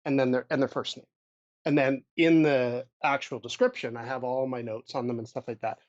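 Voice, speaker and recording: A man's voice: medium pitch, steady tone, dry recording, lo-fi sound. A man co-hosting a podcast, chatting casually about running tabletop games, with many thoughtful restarts. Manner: thoughtful, restarts a lot, drifts loose and slow. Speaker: podcast co-host, game master.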